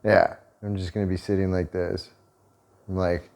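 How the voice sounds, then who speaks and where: A man's voice: deep voice, flat delivery, normal speed, gravelly, a little mellow. A man chatting casually on a couple's vlog, joking and sarcastic, swearing freely. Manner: joking, profane, sarcastic asides. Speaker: vlog co-host.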